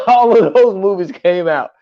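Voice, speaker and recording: A man's voice: high-pitched, expressive, measured pace. A man co-hosting a podcast, talking in laid-back casual chat with a lot of "like". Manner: laid-back, heavy use of "like". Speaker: podcast co-host. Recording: slightly dull lo-fi sound.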